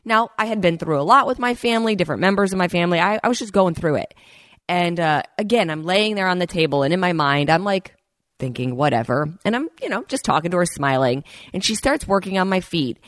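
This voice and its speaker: A woman's voice: fairly low pitch, lively intonation, fast, no echo, studio quality. A woman hosting a podcast, telling a personal story in a casual, chatty way and often talking straight to her listeners. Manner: chatty, addresses listeners as "you guys". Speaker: podcast host.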